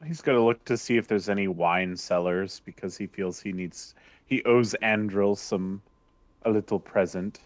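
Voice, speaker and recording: Low-voiced man playing a tabletop game. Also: moderate pace, no echo. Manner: casual, explains his character's actions. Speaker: player. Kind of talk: casual tabletop play over a voice call.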